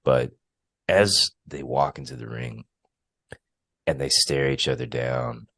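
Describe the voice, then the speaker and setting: Very deep gravelly podcast man. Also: sing-song, slow, fairly bright tone, no room sound, studio quality. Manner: laid-back, rambling, full of fillers. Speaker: podcast co-host. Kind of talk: casual chat.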